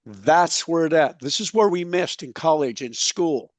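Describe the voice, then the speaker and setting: A middle-aged man speaks in a fairly high voice, emphatic and folksy, the way a conference speaker works the room. He slows right down on the points he wants to land. The sound is dry and close, with little room around it. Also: animated, dry recording. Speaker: soil health speaker. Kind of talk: animated conference presentation. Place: conference session.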